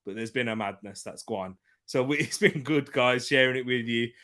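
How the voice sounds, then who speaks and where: Hosting a live football watchalong, a man with a medium-pitched voice talks at a moderate pace. He's excitable, laughs a lot, and shouts out whenever there's a near chance.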